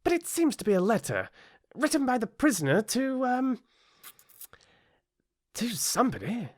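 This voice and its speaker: A man with a British accent voicing a fussy, nervous male rabbit courtier in a high, fluttery voice for an audiobook. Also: wildly swooping pitch, normal speed, no echo, studio quality, exaggerated voice. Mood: anxious, fussy. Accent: British English. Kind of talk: audiobook character voice.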